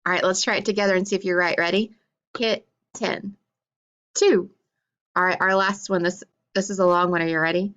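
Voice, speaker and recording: A woman's voice: lowish voice, little pitch movement, a bit bright, clear, resonant tone. Encouraging woman teacher, dull lo-fi sound. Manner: encouraging, coaching kids with questions and praise; draws out words slowly for syllable clapping. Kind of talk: phonics lesson for young children.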